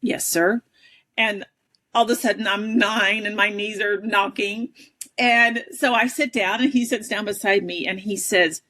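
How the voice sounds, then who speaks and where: A woman speaks as a guest on an interview show, telling a personal story with animated, self-deprecating energy. She often acts out the people she quotes. Her voice sits at an ordinary middle pitch for a woman. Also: measured pace. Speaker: interview guest, advocate and educator.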